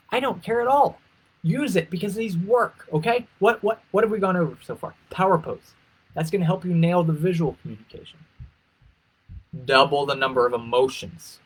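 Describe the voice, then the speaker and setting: A man coaching pageant contestants on a live stream, energetic, repeating key phrases for emphasis and swooping his pitch to demonstrate emotions. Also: husky, poor audio. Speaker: interview coach.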